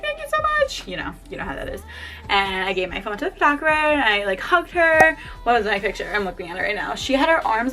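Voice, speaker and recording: A young woman vlogger telling an excited story at home, gushing and saying "like" constantly. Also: medium pitch. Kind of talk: casual story time.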